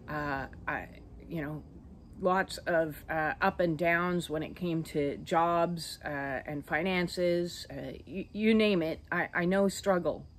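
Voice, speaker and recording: A woman in her fifties hosting her own channel, telling her life story in a slow, reflective way with many hesitant "uh" fillers. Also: low voice, a little hiss or hum. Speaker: channel host. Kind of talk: personal storytelling monologue.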